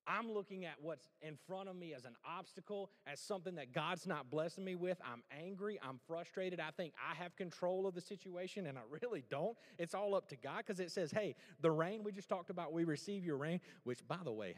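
A man preaching a sermon as pastor, animated and conversational, with joking asides to the congregation. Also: fairly high pitch, in a large hall.

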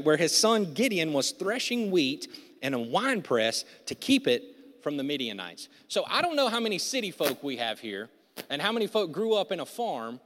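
A man preaching a sermon as a pastor, animated and conversational, with jokes and asides to the congregation. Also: a little high. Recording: long reverb of a large hall.

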